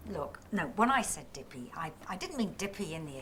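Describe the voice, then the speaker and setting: A woman's voice: fairly low pitch, sing-song, brisk, fairly bright tone, slight background noise. A flustered, chatty woman. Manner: chatty, flustered, over-explaining. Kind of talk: TV drama acting.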